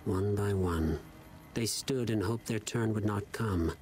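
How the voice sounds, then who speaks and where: An actor playing a cruel Legion officer who lectures in a measured, contemptuous way, in a video game. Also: male voice, on the low side, a little mellow, a little hiss or hum, lightly acted. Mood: scornful. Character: cold cruel Legion officer, stern older man.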